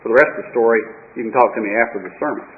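A man preaching a sermon, opening with a wry, dramatic personal story and dropping his voice low for asides. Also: rapid-fire, phone-quality sound. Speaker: pastor.

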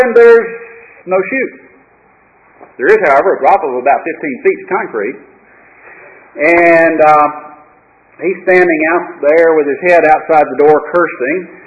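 A pastor with a high-pitched voice delivers his sermon like a storyteller, wry and dramatic, sinking into quiet asides. The sound is dull and lo-fi, like an old church tape.

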